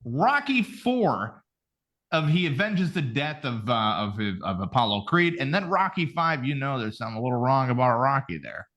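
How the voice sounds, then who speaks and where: A man hosting a podcast in casual chat, animated, rambling and swearing freely. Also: mid-range voice, moderate pace. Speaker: podcast host.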